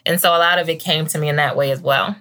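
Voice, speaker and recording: A woman from Baltimore, a journalist, answering interview questions in expressive, animated storytelling. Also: sits low, quick pace. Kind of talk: conversational interview.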